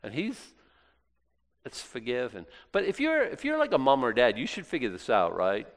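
A man's voice: medium pitch, big pitch swings, moderate pace. A male pastor preaching in a casual, conversational way, acting out little prayers and back-and-forth dialogue. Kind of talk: sermon. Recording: long hall reverb.

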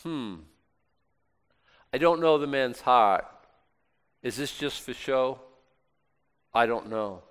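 A man with a smooth, resonant voice teaches through scripture in a hall with a long echo. He reads the verses loudly and then drops his voice for sarcastic, casual comments on them. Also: medium pitch, lively intonation, takes it slowly, pauses often. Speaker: Bible teacher. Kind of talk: Bible study teaching, reading scripture aloud.

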